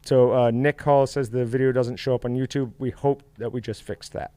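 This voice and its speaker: A man's voice: mid-range voice, fairly even intonation, moderate pace, mellow, clear, resonant tone, no echo. A man hosting a casual livestream, chatty and upbeat, reading viewer comments aloud. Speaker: livestream host.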